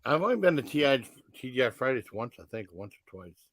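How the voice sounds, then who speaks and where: A man joining a casual chat, talkative and quick to laugh. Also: medium pitch, big pitch swings, no echo.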